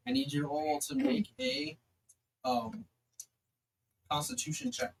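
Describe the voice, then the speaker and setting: A man's voice: very high-pitched, sing-song, slow pace, vocal fry, slight background noise, poor audio. A man running a tabletop game as game master, narrating a battle in a loose way with many fillers.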